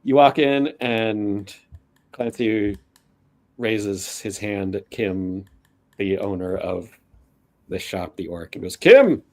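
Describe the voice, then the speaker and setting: A man narrating a tabletop game as game master, unhurried and rambling with many fillers. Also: on the low side, fairly even intonation, darkish tone.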